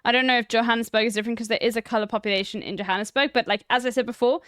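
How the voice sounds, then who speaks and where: A woman's voice: a little high, fairly even intonation, very fast, fairly bright tone, no room sound, clean studio sound. Chatty young South African woman streamer. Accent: South African, Cape Town. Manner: chatty, explaining with many "like" fillers. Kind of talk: casual chat with viewers.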